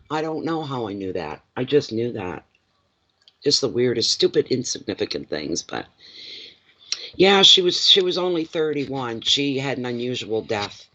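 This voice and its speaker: A man's voice: medium pitch, expressive, a little slow, long pauses, pushed and bright, lo-fi sound. A middle-aged man and intuitive card reader, chatting emotionally and telling stories on a casual livestream.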